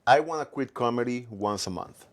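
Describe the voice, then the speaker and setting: A man's voice: mid-range voice, expressive. A man talking about his life as a comedian, then doing a stand-up set, with frequent restarts and fillers. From Latino background. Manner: halting, many restarts and fillers. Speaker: comedian guest. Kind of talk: casual chat and stand-up set.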